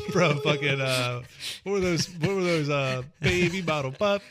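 A man with a slightly high voice, firing off teasing quips and ribbing his friends during casual podcast chat. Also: a little slow, over music. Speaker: podcast co-host.

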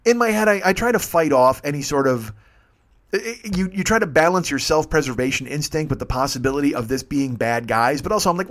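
Fast, profane man telling a story. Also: a little high. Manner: fast, profane, animated, acts out dialogue. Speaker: podcast host. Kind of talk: casual storytelling.

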